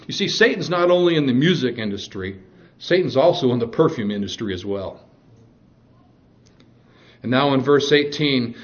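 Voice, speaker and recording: Man preaching a sermon, dull lo-fi sound. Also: mid-range voice. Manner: preachy, mixes scripture reading with jokes and stern warnings. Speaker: pastor.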